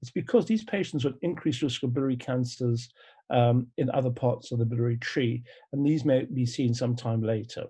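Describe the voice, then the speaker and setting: A man giving an academic lecture as a pathology professor, measured and explanatory, pausing often on "uh". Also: mid-range voice, mellow, slightly rough. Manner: measured, explanatory, with frequent "uh" pauses. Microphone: remote talk recording.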